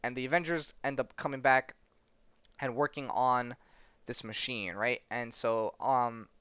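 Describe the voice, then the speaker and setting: A man's voice: mid-range voice, fairly even intonation, unhurried, bright, forceful tone, clean tone, no echo. A man hosting a podcast, casually retelling comic stories, rambling with many fillers and restarts and the odd swear word. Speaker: podcast host. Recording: dull lo-fi sound.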